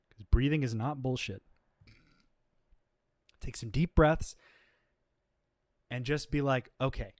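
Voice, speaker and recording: Talking off the cuff on his livestream, a host complains that he's exhausted in an exasperated, confrontational tone, with plenty of fillers and restarts. His voice is medium-pitched, recorded at studio quality with no room sound.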